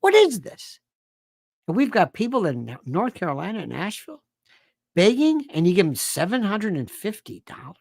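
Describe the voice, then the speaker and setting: A man hosting a political commentary show, delivering an animated monologue full of rhetorical questions and exasperated repetition. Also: high-pitched, moderate pace, gravelly, dry recording, clean studio sound. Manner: exasperated, fires off rhetorical questions, repeats himself.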